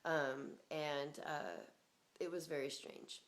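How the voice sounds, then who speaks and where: A woman's voice: deep voice, fairly even intonation, slow pace. A woman telling a personal story in a rambling, casual way, full of fillers, swearing and laughter.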